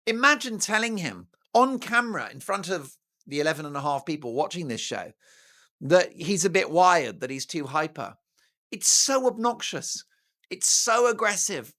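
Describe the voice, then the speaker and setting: A man's voice: high voice, sing-song, normal speed, pushed and bright. A man giving scornful, indignant commentary in a theatrical manner. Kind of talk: opinionated commentary.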